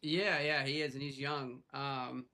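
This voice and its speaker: A man's voice: mid-range voice, steady tone, measured pace, pushed and bright. A man co-hosting a live trading stream, chatting casually in an easygoing, rambling way. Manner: easygoing, rambling, laughs often.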